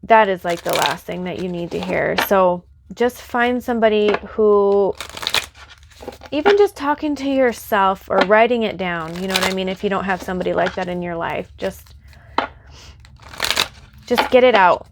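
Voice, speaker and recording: A woman's voice: mid-range voice, normal speed, vocal fry, background noise. A woman reading tarot cards for her viewers. She speaks earnestly and reassuringly, addressing the viewer directly, and is close to tears. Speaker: tarot reader.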